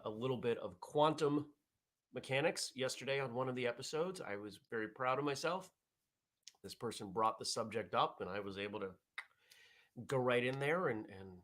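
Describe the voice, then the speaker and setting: Male vlog host, gravelly, laid-back rambling chat, mid pitch. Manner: relaxed, rambling, chatty with fillers. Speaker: host of a morning vlog show. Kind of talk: casual chat reading viewer comments.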